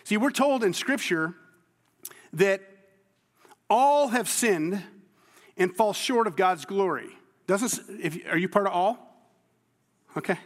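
A man's voice: high-pitched, animated, slow pace, long pauses, in a large hall. A man preaching a sermon as a pastor, talking in a conversational, earnest way with frequent restarts and sudden emphatic bursts.

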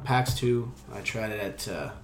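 A man's voice: lowish voice, unhurried, reverberant. A man, a comedian guest on a podcast, chatting casually in a loose, rambling, self-deprecating way. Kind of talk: casual chat.

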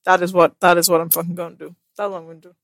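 A young woman from Nigeria co-hosting a podcast in casual, animated chat, with playful mock-smug asides. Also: fairly low pitch, rapid-fire, dry recording, studio quality. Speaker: podcast co-host.

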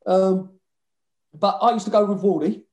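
Animated London man, slightly high voice. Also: normal speed, echoey room. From London (Hackney). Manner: animated storyteller, swears freely, laughs often. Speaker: former footballer guest. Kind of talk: casual podcast chat.

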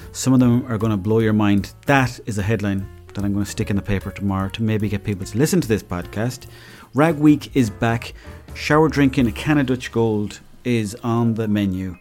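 A man's voice: medium pitch, darkish tone. A young man with an Irish accent hosting a podcast, telling stories in a rambling, chatty way. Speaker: podcast host. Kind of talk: casual comedic monologue.

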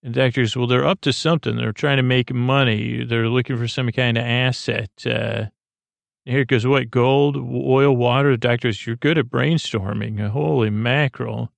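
A man hosting a bedtime podcast, retelling a TV episode in a meandering, halting way full of ums and restarts. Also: fairly even intonation, vocal fry, dry recording. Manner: low-key, unhurried. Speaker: podcast host.

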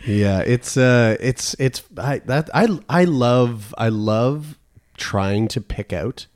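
A man's voice: mid-range voice, expressive, takes it slowly, a little mellow, no room sound. Easygoing Canadian male host, swears a lot, mid voice, close dry mic. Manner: laid-back, swears freely, laughs often. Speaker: podcast host. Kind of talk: casual chat.

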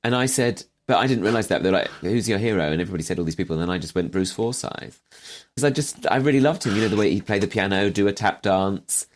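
A man's voice: fairly low pitch, rapid-fire, hardly any pauses. A man, a comedian, chatting casually in a wry, self-deprecating way about growing up. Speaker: comedian guest. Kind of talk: casual chat.

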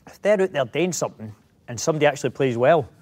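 A middle-aged Scottish actor, a guest in a casual interview, rambling through anecdotes with many restarts. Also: male voice, mid-range voice, expressive, quick pace, a little mellow.

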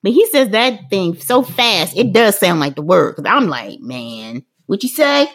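With a medium pitch, normal speed, and a breathy edge, a middle-aged mother relates her own story in easygoing podcast talk. She animatedly acts out what other people said, speaking straight to listeners and using conversational fillers.

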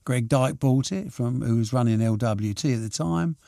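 An older man, a promoter, telling anecdotes in an interview, lively and full of restarts as he acts out what people said. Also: medium pitch, normal speed, creaky, dry recording, studio quality. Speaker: boxing and snooker promoter. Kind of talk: reminiscing interview answers.

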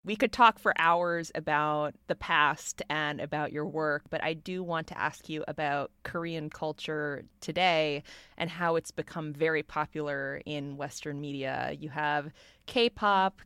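A woman hosting an interview, asking questions in a measured, thoughtful way. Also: low voice, fairly bright tone, clean tone, no echo. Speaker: host.

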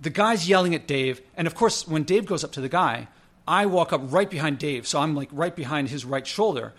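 Man, casual storyteller, somewhat high voice, chatty with fillers and restarts. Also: fairly quick. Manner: conversational, many "like" fillers and self-corrections; lively, pitch jumps when quoting others. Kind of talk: casual spoken anecdote.

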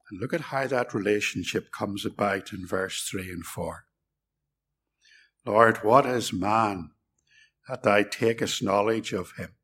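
A man preaching a sermon in a measured, emphatic way, sometimes dropping to a near-whisper for stress. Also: medium pitch, pushed and bright.

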